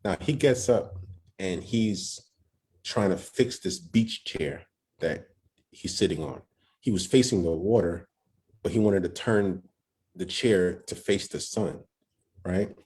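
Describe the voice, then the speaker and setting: A young man telling a personal story on a podcast, excited and nervous, acting out what others said and checking in with "right?". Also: low-pitched, slow pace, long pauses, slightly rough. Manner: excited, acts out quoted voices, frequent "right?". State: nervous, shaking. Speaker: podcast guest. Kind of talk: storytelling testimony.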